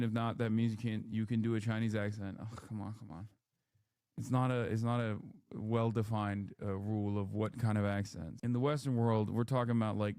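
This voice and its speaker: A man's voice: mid-range voice, darkish tone, no echo, clean studio sound. A man streaming live, ranting in a blunt, opinionated and profane way. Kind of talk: casual live commentary rant.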